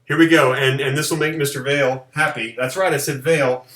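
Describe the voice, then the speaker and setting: A man hosting a live stream in casual chat, animated and jokey, reading out viewer comments and ranking films. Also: brisk, echoey room. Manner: animated, jokey, does mocking high voices. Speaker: live show host.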